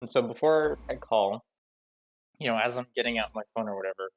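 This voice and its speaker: A man's voice: mid-range voice, brisk. A man playing a tabletop game, casual and slangy, acting out his character's lines. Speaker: player.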